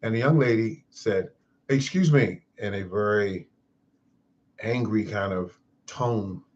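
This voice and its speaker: Low-voiced man telling a rambling story. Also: fairly even intonation, takes it slowly, a little mellow, muffled recording. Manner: rambling, reflective, moralizing. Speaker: host of a live-stream gardening show. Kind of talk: casual live-stream storytelling.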